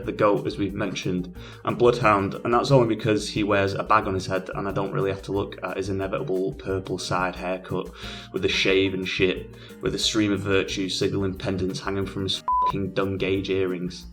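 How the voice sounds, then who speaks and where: Brief: low-voiced man with a forceful, bright tone, profane sarcastic comedy rant over faint music. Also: level tone, moderate pace. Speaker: animated video creator reviewing a game. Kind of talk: comedic ranting narration.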